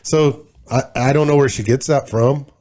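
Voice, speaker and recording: A man in his forties co-hosts a podcast, telling stories bluntly and laid-back while swearing freely in casual chat. His mid-range voice is steady and a little mellow, at a moderate pace.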